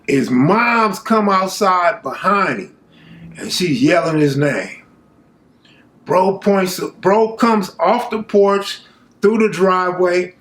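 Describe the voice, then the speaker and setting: In a high-pitched voice, a man recounts a true story from his own life, casual and animated, full of street slang and asides to the viewer.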